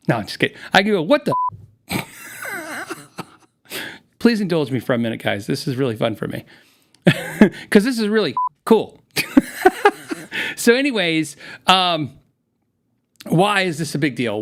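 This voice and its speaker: A man's voice: on the high side, fairly bright tone. A man hosting his own live podcast, chatting casually and rambling through a story with frequent laughs, speaking into a studio mic while wearing headphones. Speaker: podcast host. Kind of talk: casual live-stream chat.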